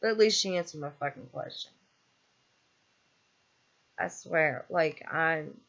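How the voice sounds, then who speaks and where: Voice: mid-range voice, slow pace, vocal fry, long pauses, fairly bright tone. A vlogger venting in an angry, exasperated rant with a lot of swearing, sounding weary and fed up. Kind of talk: casual venting monologue. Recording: dull lo-fi recording.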